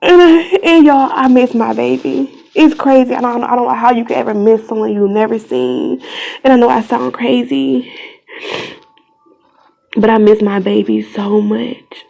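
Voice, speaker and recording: Pleading young woman with a gravelly voice. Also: a little high, steady tone, normal speed, mellow, poor audio. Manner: earnest, pleading, drops to whispers at times. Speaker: vlogger. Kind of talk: emotional personal testimony.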